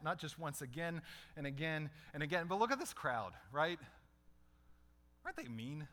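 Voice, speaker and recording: Bright high-voiced man preaching a sermon. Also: animated, normal speed, long pauses. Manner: conversational preaching, asks the listeners questions. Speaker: pastor.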